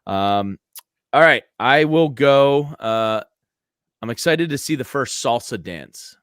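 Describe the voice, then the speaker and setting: A man co-hosting a sports podcast, reading ads in a chatty, energetic way and talking football casually. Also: medium pitch, slow pace, smooth, no room sound, studio quality. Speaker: podcast co-host. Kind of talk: casual sports chat with host-read ads.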